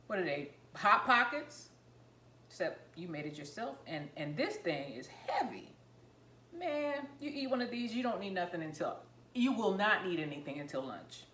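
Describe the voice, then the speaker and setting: This is a woman in a casual cooking vlog, chatting and rambling as she eats what she made. Her voice is mid-pitched and sometimes muffled by a mouthful of food. The sound has a noticeable echo from the room. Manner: talking while eating, mouth full. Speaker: cooking vlogger.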